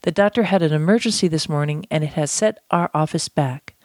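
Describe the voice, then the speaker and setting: A speaker voicing a female office worker in a read-aloud role play, speaking briskly and reassuringly. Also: mid-range voice, darkish tone, dry recording, clean studio sound, natural voice. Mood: soothing. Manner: soothing, reassuring.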